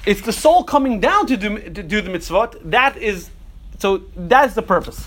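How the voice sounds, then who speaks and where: A middle-aged man teaching a Torah class to a group, animated, repeating phrases and throwing rhetorical questions at his listeners. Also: high-pitched, normal speed, slight background noise. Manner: repeats and restarts phrases while thinking.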